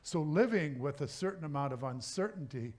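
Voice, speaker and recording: Halting, conversational male minister. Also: on the high side, expressive, darkish tone. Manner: conversational, halting, with many restarts. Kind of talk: sermon talk. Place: church service.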